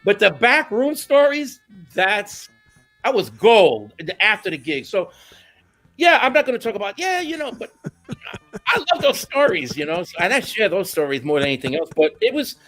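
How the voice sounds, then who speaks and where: A man telling stories in a casual interview, animated and laughing, dropping in Spanish phrases. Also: high-pitched, normal speed, soft background music. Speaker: guest musician.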